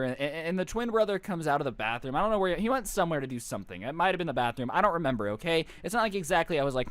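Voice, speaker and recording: A man's voice: a little high, sing-song, racing, hardly any pauses, fairly bright tone, no echo. Young man rambling through a story. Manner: rambling, jokey, slips into mock voices for friends. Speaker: streamer. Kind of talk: casual storytelling.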